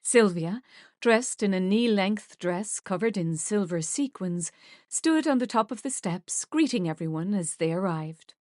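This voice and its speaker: A woman narrating a romance audiobook in measured, even storytelling. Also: mid-range voice, no echo, studio quality. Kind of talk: scripted narration.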